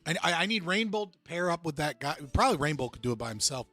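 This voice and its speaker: A man's voice: a little high, sing-song, fast talker, bright, forceful tone, faint music behind. A man hosting a livestream, reacting to clips with heated, sarcastic, profane commentary. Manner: heated, sarcastic, swears often.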